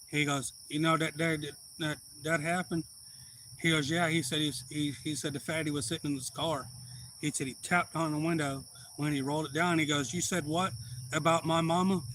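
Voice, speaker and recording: Man hosting a live stream, rambling yarn, a bit high-pitched. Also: slight background noise, rough recording. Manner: rambling, acts out quoted voices loudly. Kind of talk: casual storytelling.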